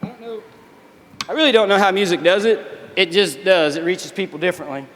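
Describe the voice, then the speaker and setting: A man who is an army veteran giving a motivational keynote speech, telling animated stories and acting out dialogue. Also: high-pitched, brisk, big-room sound. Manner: folksy, animated storytelling with quoted dialogue. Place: large convention hall.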